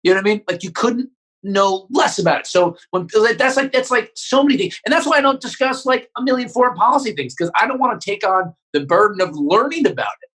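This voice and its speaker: A male comedian riffs as a podcast guest, his voice high and husky with big swings in pitch. He talks in animated, joking bursts and swears freely. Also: fast talker, low-quality recording. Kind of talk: casual chat.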